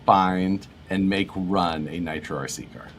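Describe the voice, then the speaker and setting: A man co-hosting a casual livestream, relaxed, laughing often as he reads viewer comments aloud. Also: deep voice, a little slow, a little hiss or hum. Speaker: livestream co-host.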